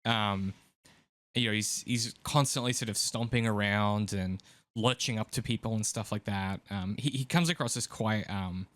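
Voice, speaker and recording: A man's voice: on the low side, moderate pace, fairly bright tone. A man hosting a casual film podcast, rambling and thinking aloud with plenty of filler words. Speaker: podcast host.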